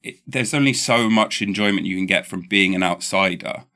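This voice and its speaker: English podcast host man, bright forceful tone, low pitch, rambling chat with restarts. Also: a little fast. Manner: rambling, restarts often, animated when quoting.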